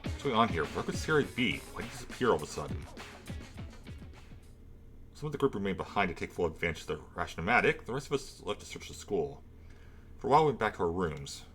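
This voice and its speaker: Fast, wry man reading game lines. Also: deep voice, very animated, a bit bright. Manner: brisk, wry reading with joking asides. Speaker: game playthrough reader. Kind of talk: reading game dialogue aloud. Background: game music.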